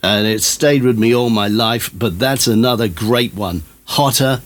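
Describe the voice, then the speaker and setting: A man's voice: fairly low pitch, normal speed. An older man presenting a radio show in a rambling, chatty way full of fillers.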